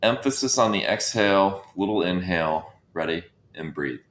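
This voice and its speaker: A man with a low voice guides a breathwork session, giving calm cues and counting the breaths down. His voice carries a roomy echo. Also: normal speed. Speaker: breathwork instructor.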